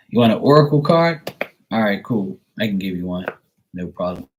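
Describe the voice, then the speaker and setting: Blunt low-voiced tarot reader. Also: male voice, expressive, unhurried. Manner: blunt, profane, rambling storyteller. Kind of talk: casual live stream chat.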